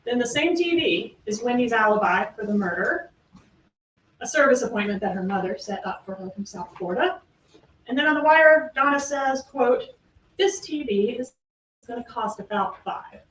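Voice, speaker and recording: Female prosecutor, closing argument, rhetorical and emphatic, higher voice, distant roomy courtroom audio. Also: lively intonation, fairly bright tone, slight background noise. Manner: rhetorical questions, emphatic pauses. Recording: echoey courtroom audio from far off.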